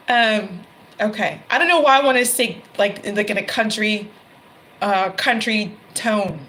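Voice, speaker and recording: A woman's voice: a little high, slow pace, long pauses, bright, forceful tone, rough recording. A woman giving a casual tarot reading, chatty, laughing often and correcting herself mid-sentence. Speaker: tarot reader. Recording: card shuffling and clicks behind voice.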